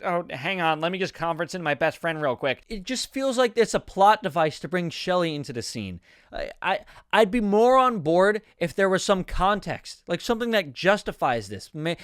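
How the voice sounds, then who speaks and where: Candid young man with a high, smooth voice. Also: a bit bright, no room sound, studio quality. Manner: candid, stammering restarts. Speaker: screenwriting coach. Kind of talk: screenplay critique.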